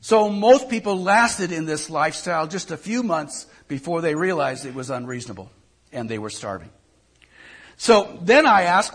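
A man's voice: sits high, expressive, moderate pace, fairly bright tone, breathy edge. An older male pastor giving a conversational sermon, often repeating words as he thinks.

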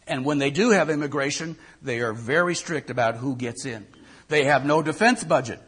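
Husky older man preaching conversationally. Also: medium pitch, moderate pace, fairly bright tone. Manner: conversational, repeats words while thinking. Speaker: pastor. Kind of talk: sermon.

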